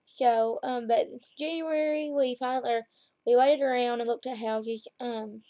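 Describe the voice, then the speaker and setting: With a slightly high, warm voice and a steady tone, a woman chats to her laptop webcam as she lies at home, meandering through a story at a measured pace. The recording has no room sound.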